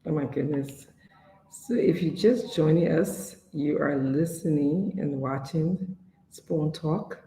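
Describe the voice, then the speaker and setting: A woman with a hoarse, gravelly voice talks as a guest on a talk show, halting and restarting often. Her tone is mellow and low-key. She is heard in an echoey room with a faint hum of noise behind her. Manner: halting, full of pauses and restarts. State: hoarse from laryngitis. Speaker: panel guest. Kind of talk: casual talk show chat. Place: room with strong acoustics.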